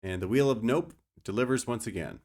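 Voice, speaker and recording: A man's voice: mid-range voice, a little fast, a little mellow. A young man streaming a card game, explaining his moves and joking with his chat. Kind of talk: casual gameplay commentary.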